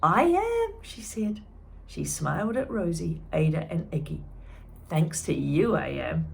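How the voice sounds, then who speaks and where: A woman reading a storybook aloud and voicing a gentle, emotional elderly woman who stammers when flustered. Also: sits low, animated, measured pace, creaky, exaggerated voice. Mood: touched.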